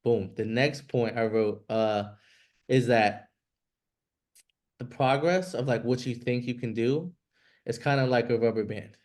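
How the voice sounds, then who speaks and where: A man's voice: mid-range voice, measured pace, pauses often, a little mellow. A man coaching a group over a video call speaks in a direct, blunt way. His talk is casual and sprinkled with swearing and the filler "like".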